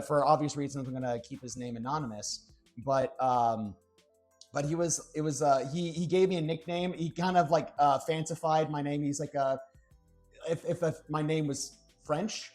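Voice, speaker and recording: A man's voice: on the high side, a little mellow. A young man chatting casually on a live stream while he cooks, rambling through stories and answering chat. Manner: rambling storyteller, talks to chat. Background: faint background music.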